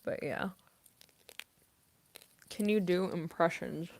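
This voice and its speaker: A young woman and voice actress chatting in a quiet, soft-spoken late-night Q&A at home, laughing often. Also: fairly low pitch, takes it slowly. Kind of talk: casual late-night Q&A chat.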